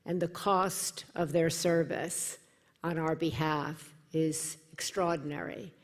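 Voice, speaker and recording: A middle-aged American woman giving a heartfelt personal speech at a dinner event, earnest and grateful, becoming animated when she recounts a story. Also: low voice, takes it slowly. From United States. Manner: warm, earnest, animated when quoting others. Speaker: event speaker. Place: large hall at a dinner event. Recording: hall reverb in a large room.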